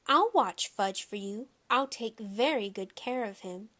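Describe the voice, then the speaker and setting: A woman's voice: mid-range voice, animated, a little slow, fairly bright tone. A woman voicing a bossy, pushy schoolgirl who pleads and insists to get her way. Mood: eager pleading.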